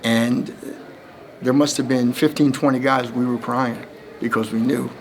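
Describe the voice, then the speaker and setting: A man in his fifties, originally from New Jersey, answers press questions as a Hall of Fame inductee. His voice has a gravelly, fried texture at a middling pitch. He rambles through long anecdotes, slipping into the voices of the people he quotes. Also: fairly even intonation, a little slow, slight background noise. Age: 50s. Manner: rambling storyteller who acts out quoted voices and laughs between lines. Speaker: Hall of Fame inductee, former running back.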